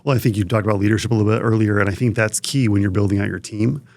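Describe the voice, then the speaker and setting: Rambling interviewer man, low dry voice. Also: steady tone, very fast, darkish tone, dry recording. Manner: rambling, restarts mid-question. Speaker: podcast host. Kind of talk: interview questions.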